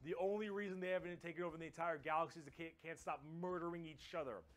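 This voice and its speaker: Excitable, cursing wargame explainer guy. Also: on the high side, fast talker. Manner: animated and profane, repeats words for emphasis.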